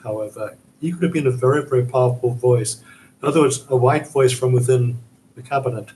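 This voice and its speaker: A man, a university commentator, lays out his points in a news interview, measured and emphatic, with a mid-pitched voice. A faint hiss of noise sits behind him. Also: warm tone, poor audio. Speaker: academic guest commentator. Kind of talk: live news interview analysis.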